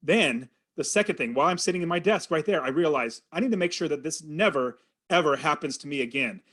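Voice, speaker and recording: A man in his forties, a real estate investor, telling a personal story in an earnest, animated way as a podcast guest. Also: on the high side, a little fast. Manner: earnest, animated storytelling with quoted inner thoughts. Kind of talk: storytelling in an interview.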